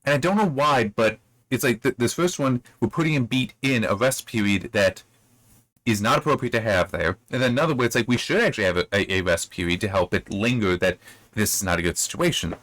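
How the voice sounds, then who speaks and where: A man giving a casual spoken critique of a book chapter, rambling with many restarts and sudden rises in pitch when he gets worked up. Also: animated, brisk, a bit bright, no echo. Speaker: book reviewer.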